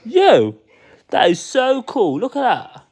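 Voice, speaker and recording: Man, father playing with a toddler, teasing sing-song talk, slow easy pace. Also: very high voice, huge pitch swings, creaky, a little mellow, breathy edge. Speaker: father playing with his child.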